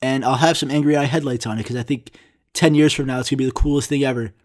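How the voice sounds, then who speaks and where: A young man rants alone into his podcast mic, swearing freely and sounding exasperated. He keeps slipping into mocking impressions of the people who annoy him. His voice sits at an ordinary middle pitch for a man. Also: fairly even intonation, quick pace, darkish tone. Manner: profane, exasperated ranting. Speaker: podcast host. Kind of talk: solo podcast rant.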